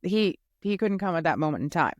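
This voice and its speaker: A woman co-hosting a casual show recap, skeptical and animated as she retells scenes with quoted asides. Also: lowish voice, fairly quick, no echo, studio quality. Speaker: recap podcast co-host. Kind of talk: casual chat reviewing a reality show.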